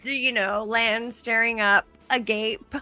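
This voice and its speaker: A woman's voice: on the high side, fairly even intonation, slow pace, pushed and bright. A woman co-hosting a casual book podcast, teasing and laughing with the others. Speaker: podcast co-host.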